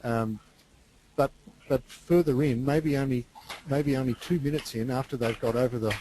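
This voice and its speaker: A man taking part in a webinar discussion, explaining in a measured way. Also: mid-range voice, steady tone, warm tone, rough recording. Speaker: webinar participant.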